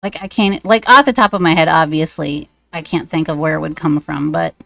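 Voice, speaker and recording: A woman's voice: low-pitched, fairly even intonation, brisk, creaky, sharp tone, no room sound. A woman streamer chatting casually and rambling, with many fillers, while she draws live. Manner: sing-song baby talk to a pet.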